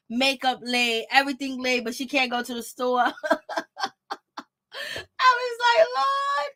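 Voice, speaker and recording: High-voiced woman dishing casual gossip. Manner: animated, laughing, blunt and profane. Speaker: commentator on a reality show. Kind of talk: casual reaction commentary.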